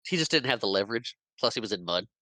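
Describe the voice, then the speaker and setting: A man's voice: on the low side, expressive, quick pace, sharp tone, no echo, rough recording. A man hosting a podcast, retelling a film's plot in casual chat and acting out its characters' lines with laughs. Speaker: podcast host. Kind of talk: casual movie recap chat.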